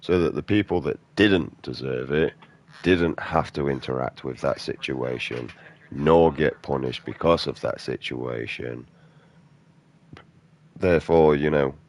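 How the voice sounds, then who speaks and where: A man's voice: extremely low pitch, measured pace. A man, a gaming streamer delivering an aggressive, profane rant in blunt slang. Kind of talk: angry off-topic rant during gameplay.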